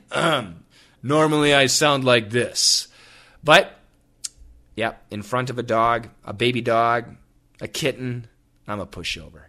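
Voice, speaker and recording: On his casual podcast teaching English, a middle-aged host jokes around and puts on silly voices to illustrate words. He talks slowly in a mid-range voice that sounds pushed and bright, pausing often.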